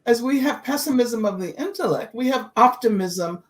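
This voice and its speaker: A woman's voice: a little high, expressive, normal speed. A woman speaking as a panelist in an online discussion. She is reflective, trails into fillers and often restarts a phrase. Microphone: video call.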